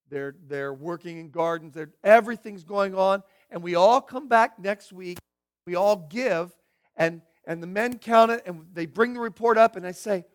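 A man with a notably high voice preaches a sermon. He poses question after question in an earnest tone and often trips over and repeats his words as he works through his point. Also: clear, resonant tone. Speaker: pastor.

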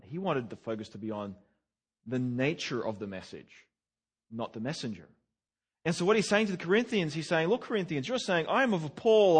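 A man preaching an expository sermon, reading scripture aloud and explaining it verse by verse, swinging between emphatic rises and soft drops. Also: a little high, breathy edge.

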